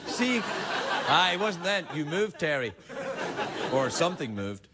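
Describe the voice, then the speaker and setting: A man's voice: on the high side, big pitch swings, unhurried, over a noisy crowd. A man hosting a late-night talk show, delivering a playful, self-mocking comedy monologue on a studio stage. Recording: loud audience noise in studio. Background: loud studio audience laughing and cheering.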